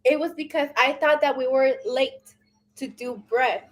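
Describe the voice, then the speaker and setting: A woman's voice: high-pitched, a little slow, low-quality recording. A woman cutting in from off-mic to defend herself, in a casual chat.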